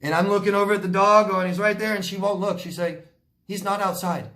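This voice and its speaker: A man's voice: sits high, steady tone, quick pace, bright, forceful tone, roomy sound. A man giving blunt relationship advice as a coach, answering viewer questions and acting out quoted people. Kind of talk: Q&A advice talk.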